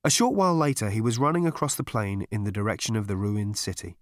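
A man giving an expressive storybook narration with a wry, animated, theatrical delivery. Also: on the low side, fast, no room sound, clean studio sound. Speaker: audiobook narrator.

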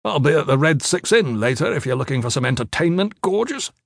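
A man's voice: a little high, animated, fairly quick, gravelly, dry recording, clean studio sound, voice pushed up. A man putting on a leering, cocky nobleman. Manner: smug, flirtatious swagger.

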